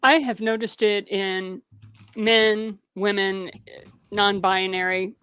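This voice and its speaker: A woman's voice: mid-range voice, little pitch movement, slow, a bit bright, clear, resonant tone, no room sound. Direct, storytelling woman from Missouri. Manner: direct, storytelling, acts out quoted dialogue. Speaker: guest entrepreneur. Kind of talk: interview conversation.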